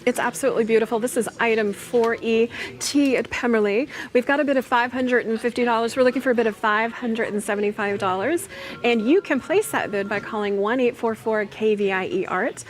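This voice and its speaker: Female TV auction host, brightly pitched, upbeat, drives the bids and repeats the call-in number. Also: brisk. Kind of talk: televised auction presenting. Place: TV studio.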